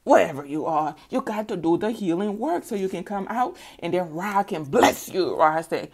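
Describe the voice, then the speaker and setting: Brief: a sassy tarot reader, lively and chatty, laughing through her reading. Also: lowish voice, normal speed, hardly any pauses. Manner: sassy, animated, laughs often. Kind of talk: casual spoken tarot reading.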